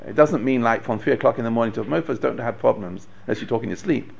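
A man's voice: mid-range voice, quick pace, creaky, hardly any pauses, husky. A man giving a Torah lecture as a rabbi, telling stories, acting out the quotes and chuckling now and then. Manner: animated storyteller, acts out quotes, chuckles. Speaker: rabbi teaching a class.

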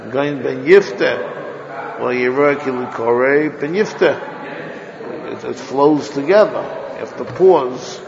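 A man giving a religious lecture to a class, sounding out Hebrew words slowly and repeating them to show how they should be said. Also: medium pitch. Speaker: religious teacher. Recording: lo-fi echoey hall recording.

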